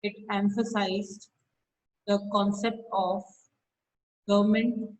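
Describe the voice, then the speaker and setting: Slow-dictating woman teacher on a video call. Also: mid-range voice, flat delivery, darkish tone, lo-fi sound, slight background noise. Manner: dictates slowly, repeating phrases and punctuation; scolds students sharply by name. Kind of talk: online class dictation.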